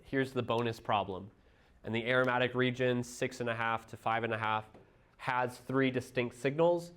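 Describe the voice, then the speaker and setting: A man's voice: mid-range voice, a bit bright. A man with a Midwestern American accent leads a classroom review session. He walks through each idea patiently, leaning on homely comparisons. He keeps turning questions back to the students. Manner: explains step by step with everyday analogies, quizzes students. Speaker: chemistry teacher.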